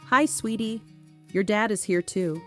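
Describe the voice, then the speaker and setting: A woman's voice: medium pitch, measured pace, a bit bright, voice pushed up, close to an everyday voice. An overprotective, worried mother, voiced by a woman narrating her novel, nagging her grown daughter. Faint guitar music plays under the audiobook reading. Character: fussy, overprotective middle-aged mother.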